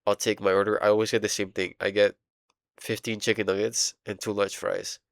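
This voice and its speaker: A young man rambling casually in a diary vlog, halting and full of fillers, swearing now and then while he plays a game. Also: lowish voice, flat delivery, gravelly, no echo, clean studio sound. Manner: playing a game while talking. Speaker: vlogger.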